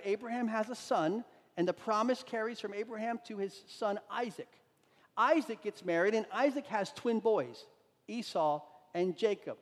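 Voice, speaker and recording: A man with a high, light voice preaches a sermon, telling the story like a chat and often restarting his sentences. His voice rings out with a long reverb trailing behind it, as if he were in a big hall. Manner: conversational storytelling with frequent restarts.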